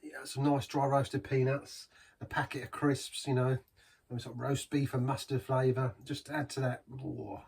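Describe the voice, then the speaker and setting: Husky man reviewing beer. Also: mid-range voice, steady tone, moderate pace, a little mellow, recorded from a distance. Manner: chatty and rambling, savouring. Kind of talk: casual beer review vlog.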